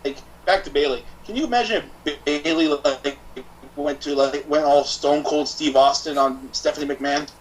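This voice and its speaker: High-voiced guy on a wrestling podcast, gets all worked up acting out promos. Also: moderate pace, rough recording. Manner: excitable, acts out imagined promos in put-on voices. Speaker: podcast co-host. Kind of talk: casual wrestling chat.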